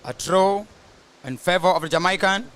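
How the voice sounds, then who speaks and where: A man calls a soccer match live from the stands, his voice pitched high and bright. He wanders off into stories about famous players between the plays. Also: moderate pace. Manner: rambling, drifts into asides about famous players. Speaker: soccer commentator. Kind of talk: live play-by-play commentary.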